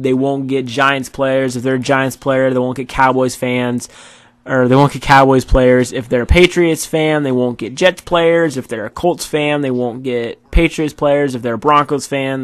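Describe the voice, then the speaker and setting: A man's voice: medium pitch, fairly bright tone, dry recording. A tired man doing casual, rambling commentary over his football video game match, with many fillers. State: tired, yawning. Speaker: gaming YouTuber.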